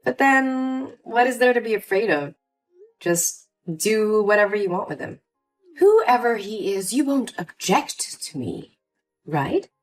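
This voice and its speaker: Casting: a woman playing a cold, manipulative older mother, lower and lively-voiced, with faint music behind. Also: slow. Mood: sweet. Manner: sweet at first, then cold and dismissive. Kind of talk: scripted story voice acting.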